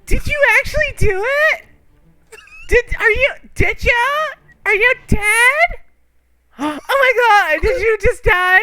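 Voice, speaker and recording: Ditzy young girlfriend voice, squealy high and swooping, gasps and gushes nonstop, game master putting it on. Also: lively intonation, bright, forceful tone, slight background noise, exaggerated voice. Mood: frantic. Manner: breathless, gasping, talks in rushes with "like" and "oh my god". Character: ditzy, gushing young woman mourning her boyfriend.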